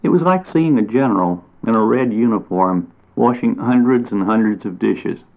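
A man reading a children's storybook aloud in a gentle, unhurried way, lingering on descriptive phrases. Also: lowish voice, expressive, creaky. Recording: tinny phone-like audio.

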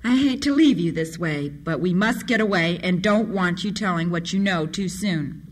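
A storyteller voicing a bandit chief who speaks slowly and with command. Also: medium pitch, lively intonation, close to an everyday voice. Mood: measured. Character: calm bandit chief, a grown man.

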